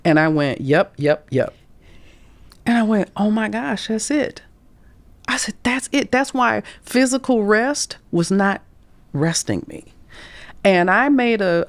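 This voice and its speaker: Animated woman career coach telling stories. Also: fairly low pitch, no room sound. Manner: animated, acts out quoted speech, drops to whispers. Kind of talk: candid podcast storytelling.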